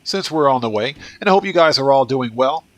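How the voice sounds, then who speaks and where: A man's voice: mid-range voice, expressive, a little fast, no room sound. Chatty Northeastern American man streaming. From Baltimore, Maryland, USA. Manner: chatty, answers viewers' chat with frequent restarts. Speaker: livestream gaming host. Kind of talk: casual livestream chat.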